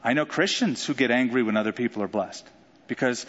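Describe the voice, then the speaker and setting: A man preaching a sermon in an animated way, joking and acting out quotes. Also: medium pitch, brisk. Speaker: pastor. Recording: dull sound with long hall reverb.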